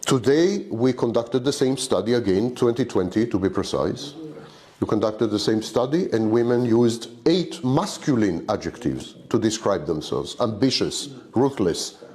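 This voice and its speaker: A man in a played clip explaining study results in a measured lecture style, listing examples. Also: medium pitch, animated, darkish tone.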